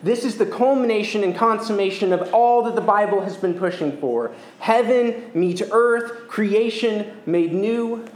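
A man preaching a sermon as pastor, earnest and measured, slowing down to stress key words. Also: high-pitched. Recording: echoey church room.

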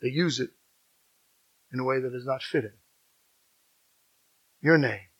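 A man preaching a sermon, swinging from loud emphatic declarations to hushed, near-whispered passages and repeating key phrases. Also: medium pitch, unhurried, breathy edge, low-quality recording. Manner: emphatic repetition.

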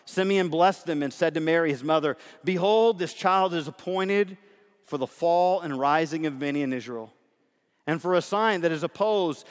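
A man preaching a sermon as a pastor, emphatic and conversational, animated in his delivery. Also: fairly high pitch. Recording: long hall reverb.

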